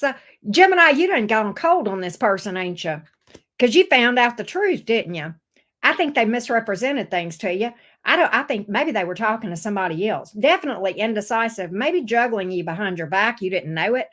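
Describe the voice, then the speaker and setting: A woman talks through a tarot reading in a loose, chatty way. Her voice sits a bit high and swings widely up and down as she acts out the viewer's side. She swears freely and keeps the energy animated. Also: moderate pace. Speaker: tarot reader. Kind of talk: casual tarot reading to camera.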